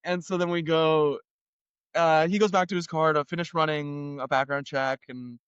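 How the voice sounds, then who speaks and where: A young Canadian man telling a story casually as an interview guest, animated and acting out the voices of the people in it. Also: a little high, moderate pace, clean tone, no room sound, highs cut off. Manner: animated, acts out others' voices in quotes.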